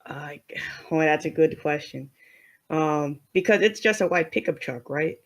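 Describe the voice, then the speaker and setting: A tabletop game player thinks aloud, hedging and giggling between questions to the game master. The voice is ordinary and mid-pitched. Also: measured pace. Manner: giggly, hesitant. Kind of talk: casual tabletop play.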